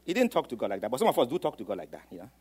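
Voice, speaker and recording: A man preaching a sermon, swinging from quiet, low asides to loud, emphatic declarations. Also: wildly swooping pitch, rapid-fire, slightly rough. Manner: dramatic, swings from soft to loud, acts out quoted voices.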